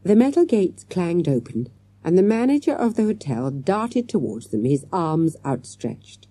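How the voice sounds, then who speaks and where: Husky, dark-voiced woman reading a storybook. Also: on the low side, very animated, unhurried, no room sound. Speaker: audiobook narrator. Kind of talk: storybook narration.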